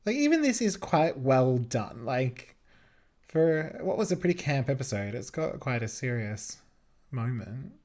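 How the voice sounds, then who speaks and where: A man's voice: mid-range voice, sing-song, a little slow, a little mellow. A man hosting a podcast, giving casual, chatty commentary on a TV episode and laughing often. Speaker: podcast host.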